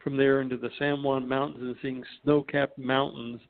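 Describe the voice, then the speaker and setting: A man's voice: medium pitch, little pitch movement, moderate pace, creaky. A man, an artist guest in a radio interview, speaking reflectively, stammering and filling gaps with uh. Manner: reflective, stammers, many uhs. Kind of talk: conversational interview. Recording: tinny phone-line sound.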